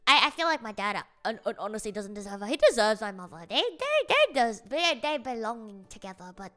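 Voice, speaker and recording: A woman's voice: on the high side, big pitch swings, fairly quick, a bit bright. A young woman chatting casually as a streamer, rambling through a story with lots of fillers and giggles.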